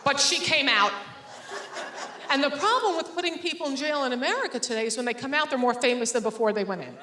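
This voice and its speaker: A woman doing a stand-up comedy set on stage, sarcastic, acting out quick bits of dialogue in front of a laughing audience. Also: high-pitched, animated, roomy sound, noisy background.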